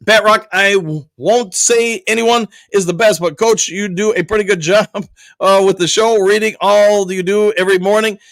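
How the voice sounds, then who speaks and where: Man, live sports podcast host, upbeat, reads chat comments aloud, bright voice, dry sound. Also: high-pitched, steady tone, normal speed, no room sound. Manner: loose and conversational, with frequent restarts and fillers.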